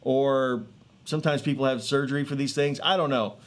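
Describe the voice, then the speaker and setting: A man in his thirties or forties, a street evangelist telling a healing testimony in an earnest, excitable way with many fillers and restarts, outdoors in a neighborhood. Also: mid-range voice, brisk. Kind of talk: animated testimony storytelling.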